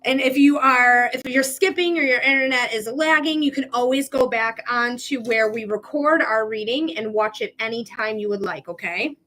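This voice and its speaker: A woman's voice: a little high, normal speed, few pauses, bright, forceful tone. A woman hosting a live psychic reading stream, chatting casually with viewers and swearing now and then.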